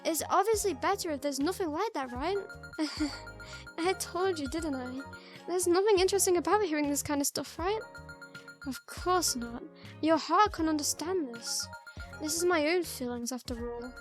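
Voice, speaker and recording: Woman reading as a quiet eerie murder suspect. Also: high-pitched, normal speed, music in the background, close to an everyday voice. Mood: wistful. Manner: soft, quiet, hesitant delivery. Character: soft-spoken young woman murder suspect, eerie and gentle. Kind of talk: reading a visual novel aloud.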